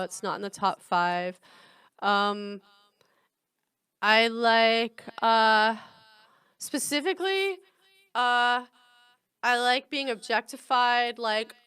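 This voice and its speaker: Frank, chatty woman with a bright voice. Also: mid-range voice, clear, resonant tone, dry recording. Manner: frank and chatty, laughs often. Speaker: podcast host. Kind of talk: casual comedic monologue.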